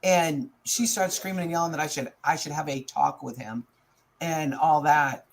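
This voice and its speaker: A woman's voice: sits low, normal speed, slight background noise. Blunt woman telling a heated story. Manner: blunt, animated storytelling with swearing. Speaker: mother. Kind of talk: casual storytelling chat. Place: home.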